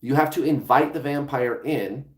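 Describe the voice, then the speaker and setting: A man's voice: mid-range voice, normal speed. Chatty man in an echoey room. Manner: conversational, restarts phrases, occasional swearing. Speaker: law of attraction coach. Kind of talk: casual vlog monologue.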